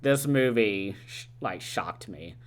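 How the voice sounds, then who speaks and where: A man's voice: lowish voice, slow pace. A man giving a casual, rambling spoiler recap of a film, full of "like" and "uh" as he retells scenes. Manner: rambling, animated retelling with many "like" and "uh" fillers. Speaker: movie reviewer.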